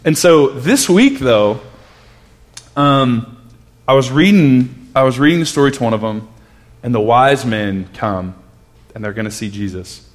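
A man in his thirties preaching a conversational sermon, telling a personal story earnestly with frequent restarts and dropping to a hush at tender moments. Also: medium pitch, expressive, unhurried, pauses often. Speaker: pastor.

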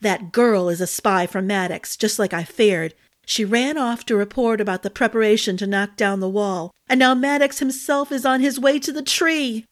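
A woman voicing a fretful female fairy who talks in a shrill, wailing way. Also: steady tone, moderate pace, natural voice. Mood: frantic.

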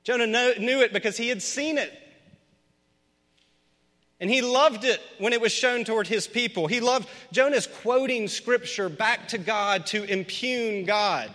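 Male pastor, high and bright voice, earnest storyteller, preaching in a hall with long reverb. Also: measured pace. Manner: conversational, earnest, builds to emphatic points. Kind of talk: storytelling sermon.

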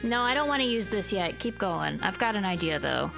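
A woman's voice: medium pitch, lively intonation, fairly quick, vocal fry, over music. A woman playing a tabletop game, upbeat and giggly. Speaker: player.

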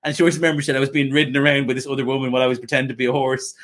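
A man's voice: medium pitch, flat delivery, very fast, a bit bright. An Irish man hosting a podcast, chatting and joking with his guest in a teasing way. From Ireland. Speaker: podcast host. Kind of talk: casual interview chat.

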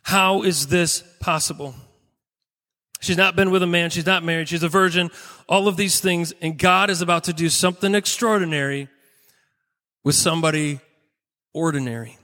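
A pastor preaching a sermon, telling a personal story earnestly with dramatic pauses. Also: male voice, a little high, bright, forceful tone, big-room sound.

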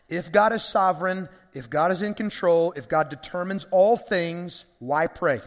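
High-voiced pastor preaching in a reverberant hall. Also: male voice. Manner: conversational preaching with rhetorical questions. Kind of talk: sermon. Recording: long reverb of a large hall.

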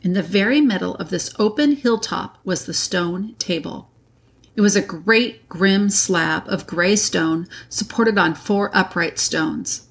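A woman reading a classic children's novel aloud in a measured, deliberate way. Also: medium pitch, vocal fry. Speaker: reader. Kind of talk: audiobook narration.

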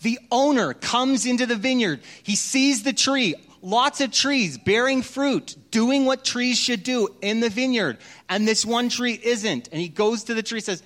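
A middle-aged man preaching a sermon as a pastor, telling stories in a conversational way and dropping to a hushed voice at tender moments. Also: very high-pitched, unhurried, hardly any pauses.

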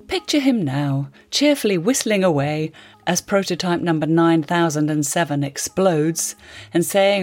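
Low-voiced woman podcast host. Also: expressive, measured pace, a little mellow, dry recording, faint music behind. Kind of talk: scripted narration and interview.

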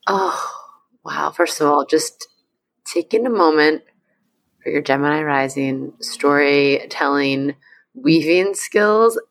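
A woman's voice: deep voice, slow pace, no echo. A woman hosting a podcast interview, effusive and gushing, rambling through her thoughts with many fillers. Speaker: podcast host. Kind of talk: casual interview chat.

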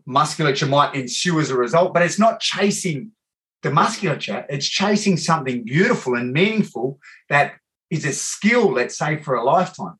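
An Australian man hosting a casual podcast chat. He tells animated, rambling stories and calls people "mate" often. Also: on the high side, normal speed. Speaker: podcast host.

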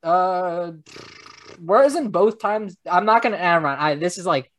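A man's voice: high voice, animated, normal speed. A young man hosting a casual podcast, rambling and hesitant, poking fun at himself. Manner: rambling, hesitant, self-deprecating. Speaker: podcast host. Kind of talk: casual chat.

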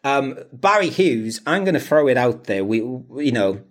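Man, podcast co-host, rambling casual chat, ordinary mid pitch, lots of restarts. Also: big pitch swings, normal speed. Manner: rambling, lots of fillers and restarts, laughs often.

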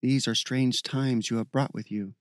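Brief: measured, formal woman warrior of the woods, voiced lightly by a man, storybook read. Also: mid-range voice, fairly even intonation, no room sound, clean studio sound, close to an everyday voice. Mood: grave. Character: calm, formal woman swordswoman of the forest.

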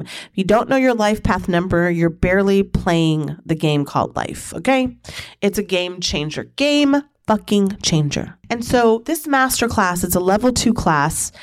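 A woman hosting a motivational podcast, talking emphatically and with profanity, leading chanted affirmations. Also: a little high. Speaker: podcast host.

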